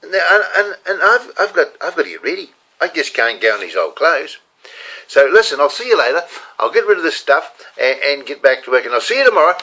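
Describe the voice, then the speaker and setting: Animated New Zealand man ranting. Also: fairly high pitch, brisk, breathy edge, low-quality recording. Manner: animated, ranting, reads a letter aloud with asides. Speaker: vlogger and motivational speaker. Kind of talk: comic vlog monologue.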